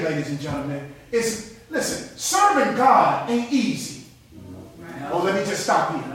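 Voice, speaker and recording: A man with a very high, lively voice preaches to a congregation, moving from storytelling into shouted preaching. He is heard from a distance in a big, echoing hall. The crowd answers him clearly behind his voice. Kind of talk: sermon. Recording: echoey hall, mic from a distance, congregation audible.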